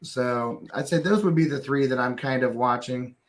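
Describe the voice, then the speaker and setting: A man with a mid-range voice chats easily as one of several panelists. He thinks out loud and pads his points with fillers and small restarts. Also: medium pitch, normal speed. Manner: easygoing, thinks aloud with fillers. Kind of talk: casual group chat.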